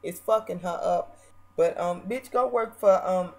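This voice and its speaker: A woman vlogger ranting casually about a reality show in a brash, profane, mocking way, swinging between loud bursts and muttered asides. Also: on the low side, a little slow.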